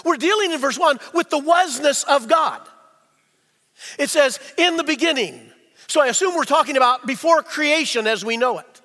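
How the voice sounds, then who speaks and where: A man preaching a sermon, asking the congregation questions and slowing down to stress key phrases, with big swings between hushed and loud delivery. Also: very high voice. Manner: rhetorical questions, slows for emphasis, swings between quiet and loud. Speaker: pastor. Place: church sanctuary. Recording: long reverb in a church hall.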